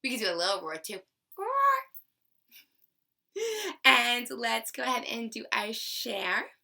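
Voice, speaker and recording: A woman teaching young children in a remote class, speaking in a slow, sing-song, encouraging way and stretching out sounds. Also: a little high, creaky, sharp tone. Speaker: kindergarten teacher.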